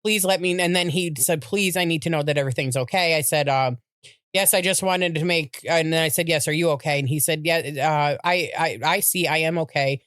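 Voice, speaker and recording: Speaking in a low, slightly bright voice, a middle-aged podcast co-host recounts something personal, stopping and starting over many times with sincere feeling. The studio-quality audio has no echo.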